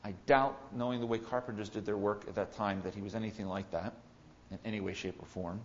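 A man's voice: lowish voice, fairly even intonation, fast, highs cut off, slight background noise. Preacher man with swelling, emphatic delivery. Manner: swings from soft musing to loud proclaiming. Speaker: pastor. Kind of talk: expository sermon.

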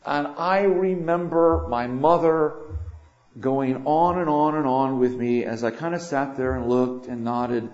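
An older man preaching a sermon, swinging between loud emphatic lines and quiet asides. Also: medium pitch, measured pace. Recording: echoey room, dull lo-fi sound.

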